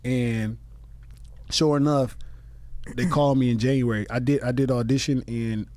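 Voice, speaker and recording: A man's voice: mid-range voice, steady tone, moderate pace, warm tone, no echo. A comedian guest on a podcast, a man telling a loose, profane anecdote with quoted voices in casual chat. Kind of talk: casual storytelling. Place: podcast studio.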